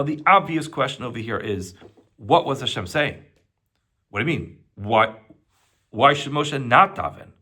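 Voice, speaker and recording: Rabbi teaching a weekly Torah class, bright and fairly high voice, poses questions and answers them. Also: male voice. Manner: animated teacher, asks and answers his own questions. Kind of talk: Torah lesson.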